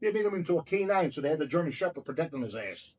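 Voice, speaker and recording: A man telling a story in a casual interview, profane and excitable, repeating himself as he goes. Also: a little high, very fast, slightly rough. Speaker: restaurant owner telling his story.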